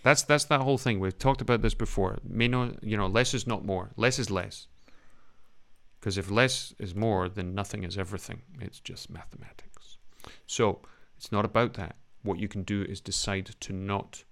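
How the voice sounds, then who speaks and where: British man, acting coach, fairly low voice, animated, demonstrates lines while critiquing. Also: moderate pace. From Britain. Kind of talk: critiquing a scene in class.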